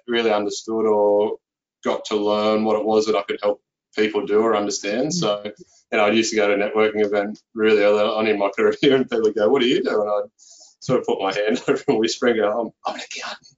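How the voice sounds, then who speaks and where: An accountant speaking as a guest in a relaxed interview, filling his speech with "you know". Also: fairly low pitch, muffled recording. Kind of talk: conversational interview.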